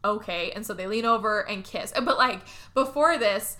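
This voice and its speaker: A woman's voice: a little high, normal speed. A woman co-hosting a casual chat, recapping a movie with lots of acted-out voices. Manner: animated, acts out characters' lines. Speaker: podcast co-host recapping a movie.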